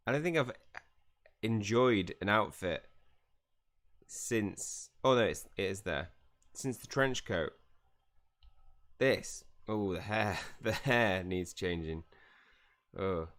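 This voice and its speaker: Low-voiced chatty man streaming. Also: a bit bright. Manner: chatty, reads game dialogue aloud, laughs often. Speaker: gaming streamer. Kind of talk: live gameplay commentary.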